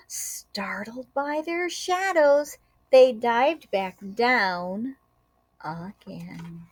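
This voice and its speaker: A woman teacher reads a picture book aloud to young children in a slow, unhurried way. Her voice sits a little high and leaps up and down with lively animation, and she breaks off for short asides and playful sound effects. The sound is close and dry. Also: no echo.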